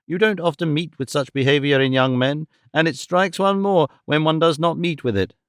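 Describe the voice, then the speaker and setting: A man's voice: a little high, moderate pace, clean tone, no echo, clean studio sound, close to an everyday voice. A man voicing a fussy, scatterbrained middle-aged mother who talks emphatically and exclaims often.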